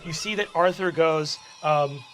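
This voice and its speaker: A man narrating a tabletop game as game master in quick, animated bursts. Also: a little high, a little hiss or hum. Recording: music playing behind.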